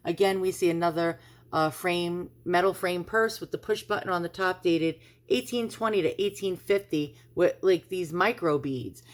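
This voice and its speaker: Chatty New woman, lowish voice. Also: normal speed. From New York. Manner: chatty, rambling, repeats herself. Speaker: antiques vlogger. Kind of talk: casual chat to camera. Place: at home.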